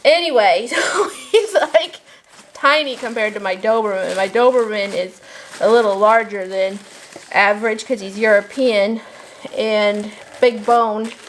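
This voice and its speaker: A woman's voice: medium pitch, a little slow. A woman in her thirties packing shop orders while telling rambling stories and laughing often. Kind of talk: chatty vlog while packing. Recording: noticeable background noise and crinkling packaging.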